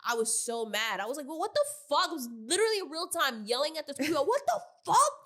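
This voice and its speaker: A young woman co-hosting a casual podcast, talking excitedly, swearing freely and loudly acting out the people she quotes. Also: sits high, quick pace. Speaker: podcast co-host. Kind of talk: casual reality TV recap chat.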